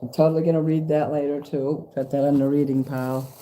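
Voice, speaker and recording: A man's voice: on the high side, level tone, fast talker, warm tone, a little hiss or hum. Rambling, cursing man unboxing gifts. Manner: rambling, curse-laced, easily delighted. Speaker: vlogger opening a fan's package. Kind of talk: casual unboxing chat to camera. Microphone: handheld camera.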